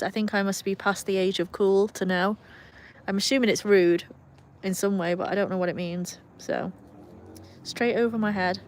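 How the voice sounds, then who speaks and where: A woman's voice: medium pitch, a little hiss or hum. A young British woman talks casually into her phone on an outdoor live stream. Her chat wanders and pokes fun at herself, and she reads out her viewers' comments as she goes. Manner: chatty, self-mocking, reads viewer comments aloud. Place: outdoors in cold weather with her dogs.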